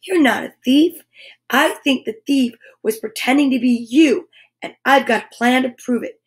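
A kind and loyal toy bear girl from a children's storybook , as a woman reader puts her on. She speaks gently and reassuringly. The voice is high with a slight huskiness. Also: normal speed, husky. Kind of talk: children's storybook read-aloud.

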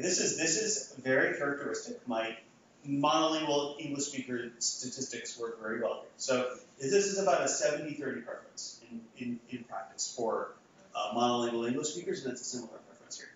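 A man lectures to a room, polling the audience and talking loosely with plenty of fillers and restarts. He sits at a middle pitch, and his voice sounds distant from the mic. It reaches the listener through a heavily echoing hall with a dull, muffled tone. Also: fairly quick, fairly bright tone, slight background noise. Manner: conversational, frequent restarts and fillers.

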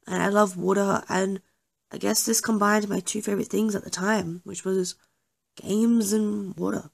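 A woman's voice: mid-range voice, flat delivery, moderate pace, vocal fry. A young woman chatting casually over gameplay, often apologizing and joking about herself. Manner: self-deprecating, apologetic, chatty. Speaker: gaming YouTuber.

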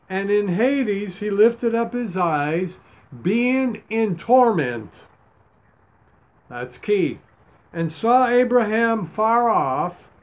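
Man, preacher, high voice, slow deliberate delivery, reads scripture and stresses key points. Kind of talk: Bible teaching sermon.

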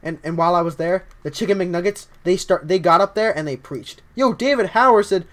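A young man with a scratchy voice, livestreaming a game at home, chatting casually and excitedly while greeting his viewers. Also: high voice, brisk. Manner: excitable, rambling, greets chat often. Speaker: livestreaming gamer.

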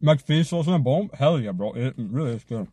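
A man streaming himself eating fast food, joking around, swearing often, and humming between bites. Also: medium pitch, expressive, dark tone, husky, no room sound. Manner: hyped, joking, swears a lot, chews and hums between bites.

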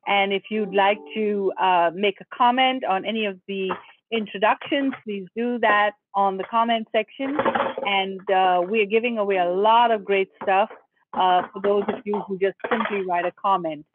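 A host making businesslike group announcements on a video call, with filler pauses. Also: medium pitch, fairly even intonation, background noise. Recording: dry, thin phone-like call audio.

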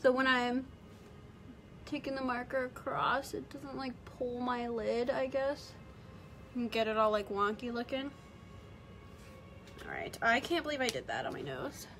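A woman's voice: a little high, expressive, measured pace, pauses often, background noise. A young woman chatting her way through a makeup tutorial livestream from home, rambling and saying "like" constantly. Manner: chatty, rambling, heavy use of "like". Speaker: beauty vlogger.

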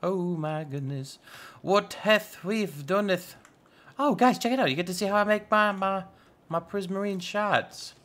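A man's voice: high-pitched, normal speed, a bit bright. A man hosting a casual let's-play, narrating his moves in a playful, goofy, self-mocking way. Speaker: gaming channel host.

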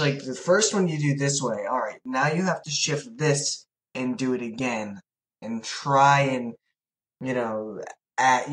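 A man co-hosting a game podcast, thinking out loud as he pitches an idea. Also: low-quality recording. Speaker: podcast co-host. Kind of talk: podcast interview.

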